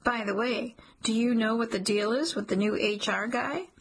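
A woman voicing a fed-up, snarky young female coworker who talks in quick, exasperated bursts. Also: a little high, husky.

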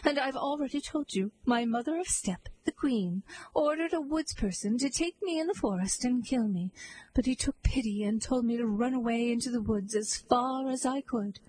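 A woman's voice: on the high side, moderate pace, darkish tone, husky, no room sound. Woman playing pleading young Snow White. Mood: insistent. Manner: pleading, then tartly sarcastic.

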